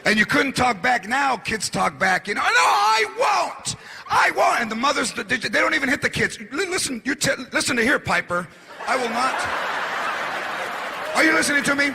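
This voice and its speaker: High, gravelly shouting comedian. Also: male voice, brisk. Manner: shouting, animated storytelling. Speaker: stand-up comedian. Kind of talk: stand-up comedy. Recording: live stage, loud crowd, noisy.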